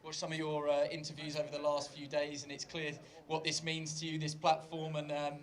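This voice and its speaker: A man interviewing boxers after a weigh-in, asking quick, even questions. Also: a little high.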